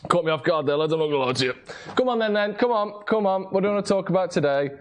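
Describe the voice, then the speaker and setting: A young man hosting a jokey late-night show, full of sarcastic, deadpan asides. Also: sits high, rapid-fire. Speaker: host. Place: small home studio.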